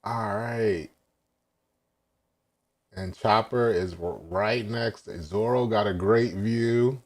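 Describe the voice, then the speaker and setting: A man's voice: on the low side, slow pace. A man hosting a casual live manga reaction, recapping scenes and quoting characters with laughs.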